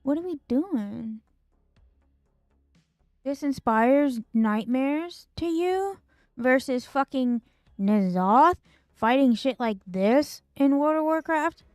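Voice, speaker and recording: A woman's voice: high-pitched, expressive, slow pace, a little mellow, clear, resonant tone, dry recording, clean studio sound, faint music behind. A woman streamer ranting in casual commentary, exasperated and sarcastic, swearing and piling up fillers.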